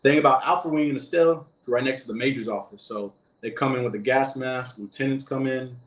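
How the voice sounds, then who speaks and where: A man's voice: medium pitch, brisk. Rambling male storyteller in an echoey room. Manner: loose, rambling telling with many restarts and fillers. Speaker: former prison guard, interview guest. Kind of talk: casual first-person storytelling.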